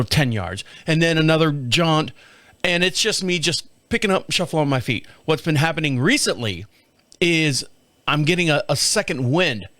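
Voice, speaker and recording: A man's voice: a little high, a bit bright, no echo. A middle-aged man hosting a casual solo podcast, telling rambling, profane, self-mocking stories and laughing at himself. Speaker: podcast host.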